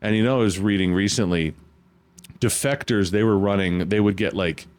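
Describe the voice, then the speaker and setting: A man from the United States, a podcast host, talking about faith in an earnest, animated storytelling way with many restarts. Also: on the low side, normal speed. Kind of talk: casual faith chat.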